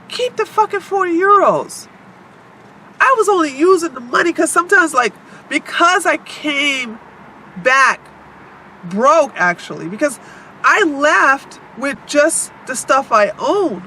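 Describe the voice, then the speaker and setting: A high-pitched woman delivers a vlog monologue, her voice very animated and bright. She speaks bluntly and swears emphatically. She addresses her viewers directly. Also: slow pace, a little hiss or hum. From United States. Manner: blunt, heavily profane, emphatic. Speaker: vlogger.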